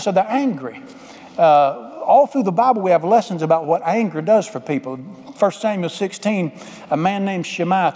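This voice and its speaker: A man's voice: fairly high pitch, darkish tone. A man preaching a folksy, emphatic sermon, calling out to the congregation for amens. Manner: call-and-response, folksy and emphatic. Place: church sanctuary. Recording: long hall reverb.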